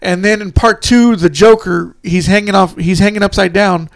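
A man with a high voice and a gravelly edge chats casually as a podcast co-host. He rambles, laughs often and slips into movie lines as he talks. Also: fairly even intonation, moderate pace, no echo, clean studio sound. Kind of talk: casual chat.

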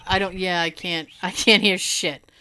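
In a lowish, clear and resonant voice at normal speed, a woman animatedly recounts a story in casual chat, performing others' quotes and laughing often. She has hearing loss in her right ear.

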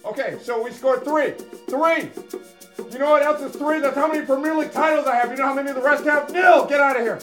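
A man doing a brash, high-voiced football manager. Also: fairly even intonation, fast, music in the background. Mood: boastful. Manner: brash, scornful, boastful. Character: defiant male football manager at a press conference. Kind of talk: comic improv impression. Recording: roomy echo.

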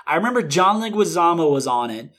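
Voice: mid-range voice, fast. A podcast co-host ranting in casual chat, cursing and laughing at movie habits. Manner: animated, swearing rants with exaggerated quotes.

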